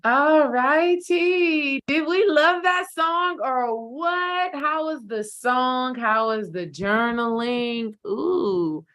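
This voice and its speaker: Slow, encouraging woman coach. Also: sits high. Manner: encouraging, affirming listener with soft "mm" and "yep". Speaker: healing coach running a course. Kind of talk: spiritual coaching talk.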